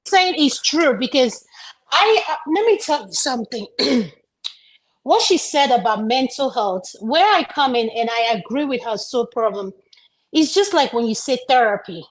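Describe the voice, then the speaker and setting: A woman from Africa who sits on a discussion panel and argues her points emphatically. Her voice sits high. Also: expressive, normal speed, poor audio. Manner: emphatic, opinionated.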